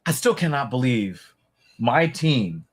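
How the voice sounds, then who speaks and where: A man's voice: mid-range voice, very animated, slow pace, husky. A man hosting a podcast livestream, talking in a loose, rambling and profane way with frequent restarts. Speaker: podcast host. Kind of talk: casual livestream chat.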